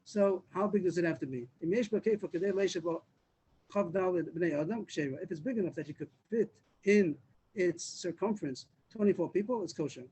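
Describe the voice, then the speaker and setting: Fast-talking man teaching a Talmud class. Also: high-pitched, warm tone, slightly rough, rough recording. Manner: explains step by step, repeats words, many restarts. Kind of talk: Daf Yomi class. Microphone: video call.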